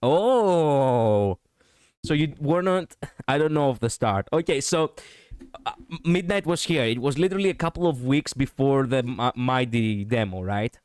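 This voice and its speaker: A man's voice: mid-range voice, expressive, measured pace, a little mellow, no echo, clean studio sound. A man streaming, reacting to a show in loose, joking, rambling chat.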